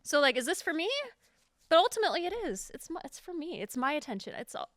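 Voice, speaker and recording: A woman DJ chatting casually on a podcast, animated and often laughing as she tells stories. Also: sits high, quick pace, no echo, clean studio sound. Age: middle-aged. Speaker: DJ and podcast guest. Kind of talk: casual chat. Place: studio.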